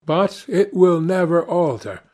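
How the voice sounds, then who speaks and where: A man's voice: high-pitched, lively intonation, unhurried, a little mellow, voice pushed up. A man voicing an anxious, earnest painter who pleads sorrowfully. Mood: pleading.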